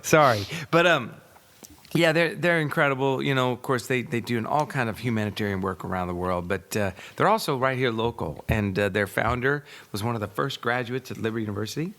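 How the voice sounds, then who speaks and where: A man's voice: mid-range voice, brisk, a bit bright. A middle-aged man co-hosting a podcast, chatting casually in a rambling way, often restarting his sentences. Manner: chatty, rambling, self-correcting. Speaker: podcast co-host.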